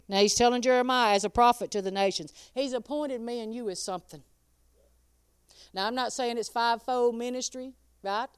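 A woman's voice: fairly high pitch, fairly quick, clean tone, no echo. A woman preaching a sermon, laughing often and calling out listeners by name.

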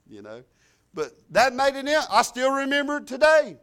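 An older man preaches a sermon with a drawl, his voice unusually high for a man and his pitch swooping wildly at a normal speed. He tells homespun stories, slipping into quiet asides before rising to loud, emphatic declarations.

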